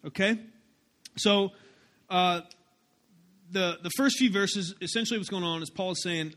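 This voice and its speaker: A man preaching a sermon to his congregation, conversational and animated, with playful asides to the crowd. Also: sits high, unhurried, pauses often. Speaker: pastor.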